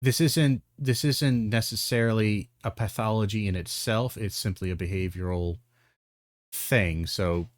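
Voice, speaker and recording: A man's voice: lowish voice, unhurried, no room sound, studio quality. A man giving blunt, profane reaction commentary, exasperated and full of restarts. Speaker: commentary streamer.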